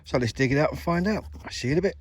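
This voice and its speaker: Racing along in an expressive voice on the high side, a middle-aged man with a West Country accent talks to his viewers, calling them mate and guys, as he metal detects in an open field. The outdoor recording is noisy.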